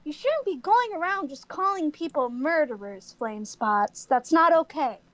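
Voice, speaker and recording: Woman doing an earnest, high-voiced young cat. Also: lively intonation, a little slow, a bit bright. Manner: stumbling, then pleading. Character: earnest young warrior cat, upset and indignant.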